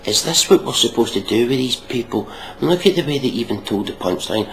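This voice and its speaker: A man's voice: medium pitch, lively intonation, brisk, a little hiss or hum, poor audio. A man giving mocking, sweary reaction commentary on a video, ranting sarcastically.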